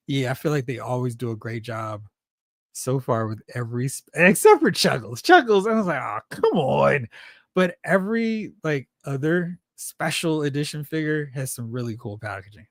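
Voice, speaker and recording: A man hosting a toy collecting live stream, chatting casually and excitedly while reading viewer comments aloud. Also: mid-range voice, moderate pace, no echo, clean studio sound. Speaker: host of a toy collecting show.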